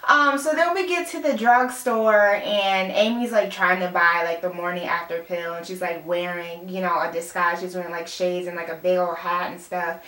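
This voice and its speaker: A woman's voice: on the low side, little pitch movement, moderate pace, few pauses, fairly bright tone. A young woman in casual chat, rambling through a TV episode recap, full of "like" and "um". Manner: rambling, full of "like" and "um", mixes up names. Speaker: TV recap vlogger. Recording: roomy room, mic far off.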